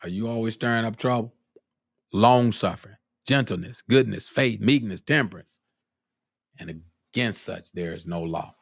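A low-pitched man preaching. He tosses a "hmm?" after his points, quotes scripture in old-fashioned wording, and climbs into high cries of glory. The sound is dry and close, with no room around it. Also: moderate pace, creaky, no room sound. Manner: punctuates with "hmm?" and "huh?", rising into shouts of glory. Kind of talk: sermon.

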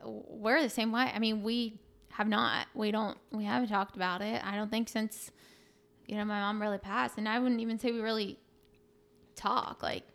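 A woman's voice: on the high side, steady tone, moderate pace, creaky, fairly bright tone. A young adult woman, a fitness coach and podcast guest, talking casually and openly, with many fillers. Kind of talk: casual emotional conversation.

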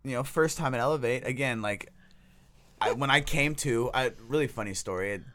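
A man's voice: medium pitch, brisk, pushed and bright. A young man with a Bay Area accent, telling a personal story as a podcast guest in a laid-back, slangy way and laughing often. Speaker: guest, detox technician. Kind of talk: casual storytelling. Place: podcast studio.

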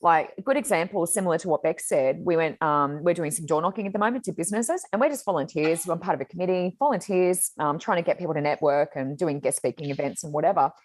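A woman hosting a casual chat, energetic and chatty, often saying "like" and "oh my God.". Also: lowish voice, fast talker, hardly any pauses, dry recording.

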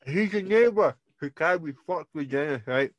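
A man's voice: on the high side, animated, moderate pace, dry recording. A man with a Scottish accent co-hosting a podcast, chatting casually, laughing often and swearing freely. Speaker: podcast co-host. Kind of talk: casual chat.

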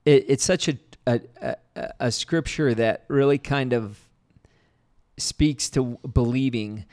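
A man's voice: medium pitch, takes it slowly, a little mellow. A male pastor teaching in an earnest, conversational way, often restarting and repeating phrases. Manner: earnest, repetitive, many restarts.

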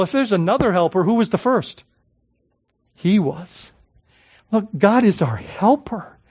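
This high-pitched man with a darkish tone is a pastor preaching conversationally. He asks the congregation rhetorical questions and often repeats words while searching for phrasing, all captured on a dull lo-fi recording.

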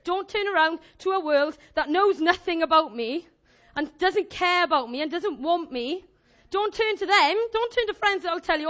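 A woman giving an informal, energetic sermon to her church, joking and demonstrating as she talks. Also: very high-pitched, moderate pace. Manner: energetic, animated, jokey. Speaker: church speaker.

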